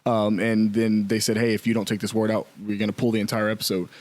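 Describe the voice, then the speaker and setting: A low-voiced man talks fast on a podcast, cutting in to explain the background in a quick rush. The sound is dry and close to the mic, with no room around it. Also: little pitch movement, a little mellow, dry recording. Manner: quick, explains context, jumps in. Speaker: podcast co-host. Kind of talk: casual chat.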